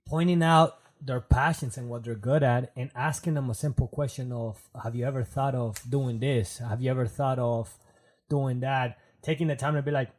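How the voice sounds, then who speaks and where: A man's voice: mid-range voice, fairly even intonation, normal speed. A man who is a Marine, talking as a podcast guest in an earnest, reflective way, often adding "man" and "you know what I'm saying". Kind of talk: casual interview talk.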